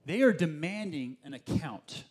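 A man preaching a sermon in a relaxed, conversational way, with asides to the congregation and quoted voices. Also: on the high side, unhurried, husky. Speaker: pastor.

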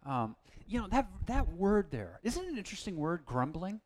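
A man's voice: high voice, very animated, moderate pace, a little mellow. A man preaching a casual, self-deprecating sermon, with plenty of fillers and restarts. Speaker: pastor.

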